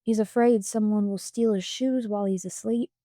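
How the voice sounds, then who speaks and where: Storybook teen read by a woman: fifteen-year-old boy on the road, steady, earnest, firm. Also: medium pitch, normal speed, dry recording, clean studio sound, natural voice.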